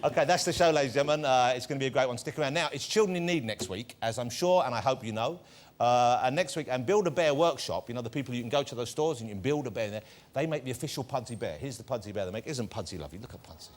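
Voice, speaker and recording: A man's voice: medium pitch, lively intonation, very fast. A man hosting a television chat show, joking and introducing guests theatrically. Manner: playful, jokey, theatrical introductions. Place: TV studio with live audience. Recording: loud studio audience and noise.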